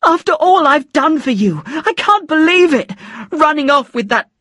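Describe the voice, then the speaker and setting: A woman's voice: medium pitch, expressive, slow pace, slightly rough, dry recording, clean studio sound, voice pushed up, full character voice. A reader voicing an angry, distraught mother who speaks sharply and demandingly. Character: furious, distraught mother abandoned by her husband.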